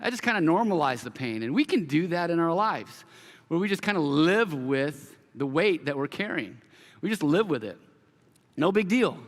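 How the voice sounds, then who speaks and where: A man preaching a sermon as pastor, telling a story with animated quoted voices. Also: fairly high pitch, moderate pace. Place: church hall. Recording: long hall reverb.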